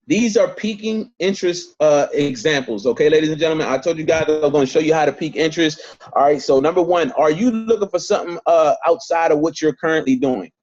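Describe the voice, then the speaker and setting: A man's voice: a little high, fast, darkish tone, highs cut off. A man leading a network marketing training on a video call, emphatic and repetitive, speaking straight to his group. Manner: emphatic, repeats points, talks straight to the group.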